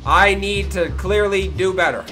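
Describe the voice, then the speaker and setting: A man hosting his own gaming video, giving live commentary with excitable, swearing outbursts that swing between low mutters and sudden yelps. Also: a little slow. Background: game music.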